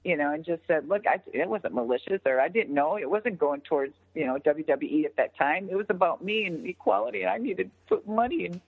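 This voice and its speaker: A woman's voice: fairly low pitch, a little fast, gravelly, hardly any pauses, breathy edge. A middle-aged woman, a former wrestler, telling stories in a casual interview, swearing freely and acting out what others said. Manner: profane, animated, acts out others' lines. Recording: tinny phone-line audio with long reverb.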